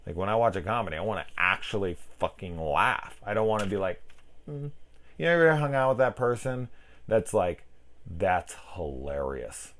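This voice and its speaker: A young man with a very low voice talks through a film review in a loose, rambling way. He swears freely and slips into quick impressions of people as he goes, joking at his own expense. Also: a bit bright. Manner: rambling, profane, self-mocking, mimics people in quotes. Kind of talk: casual spoken movie review.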